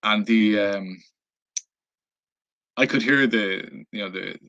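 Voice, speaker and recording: In a muffled recording, an Irishman who vlogs about travel recounts an anecdote in a rambling, easygoing way, with many fillers and restarts. He speaks slowly in a lowish voice with a fairly bright tone.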